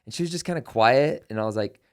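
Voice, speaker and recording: A middle-aged podcast host with a medium-pitched voice tells a personal story quickly and conversationally. He's animated, acting out the quoted dialogue as he goes.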